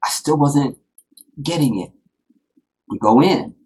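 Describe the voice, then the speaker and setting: A man's voice: on the high side, expressive, takes it slowly, a little mellow, slightly rough, poor audio. A man hosting a live stream, telling a personal story to his viewers in a rambling, heartfelt way, full of fillers. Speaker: live-streaming channel host.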